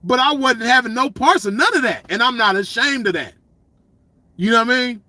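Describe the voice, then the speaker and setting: A man delivers a swaggering solo rant, blunt and profane, circling back on his points. His voice sits high and sounds bright and forceful. The recording is close and dry. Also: expressive, a little fast, no echo. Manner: blunt, swaggering, profane, repeats "you know what I mean". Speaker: commentator. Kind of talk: ranting solo monologue.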